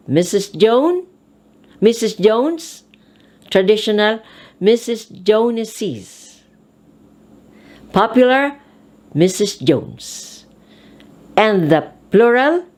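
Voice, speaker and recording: A woman teaching grammar in a slow, measured way, with a voice that rises and falls widely as she stresses each example. She spells words out letter by letter and repeats them with care. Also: mid-range voice, a little mellow. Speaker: English speech teacher. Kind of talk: classroom grammar lesson.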